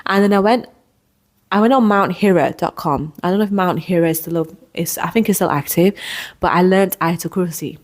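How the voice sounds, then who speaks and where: A young woman tells her own story on her podcast, earnest and emotional, often stopping to restart a sentence. Her voice sits a little low for a woman, and she talks in a personal storytelling way. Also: darkish tone. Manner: emotional, earnest, quick restarts and repeated words. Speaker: podcast host.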